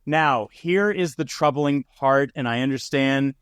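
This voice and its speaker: A man runs a tabletop game in a laid-back, easygoing way, stumbling over his own words and chuckling as he narrates. His voice is smooth and clear. The recording is close and dry. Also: medium pitch, unhurried, no echo. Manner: laid-back, chuckling, with many fillers and restarts. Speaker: game master. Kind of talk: running a tabletop game for a podcast.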